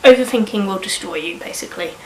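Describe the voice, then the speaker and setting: Talking at a quick pace, a young woman in her early twenties with a cold rambles openly in a personal vlog and curses casually. Her mid-range voice has a darkish tone. The low-quality recording is reverberant, with slight background noise.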